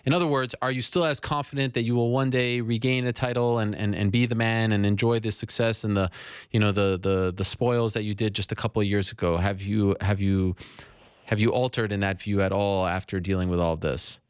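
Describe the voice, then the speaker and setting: A man's voice: lowish voice, steady tone, brisk, clear, resonant tone, no room sound, studio quality. A man working as a reporter, asking long multi-part interview questions.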